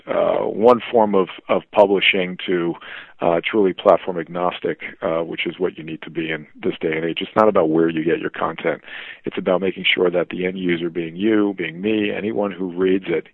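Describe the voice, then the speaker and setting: Deep-voiced man on a tinny line. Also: gravelly, dry recording. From New Jersey. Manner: enthusiastic, filler-heavy, restarts often. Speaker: podcast guest, publishing executive. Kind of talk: conversational interview storytelling. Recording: dry, phone-like narrow line.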